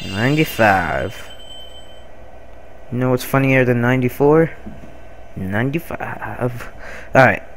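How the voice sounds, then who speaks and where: A man's voice: mid-range voice, expressive, a little slow, pauses often, slight background noise. A young man giving laid-back, giggly gameplay commentary with swearing and silly asides. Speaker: let's play gamer.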